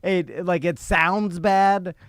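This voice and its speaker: Male co-host, high voice, dry close mic, giggly, chatty. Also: fairly bright tone, no echo. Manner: laughs often, quick bursts of yeah. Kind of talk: casual chat.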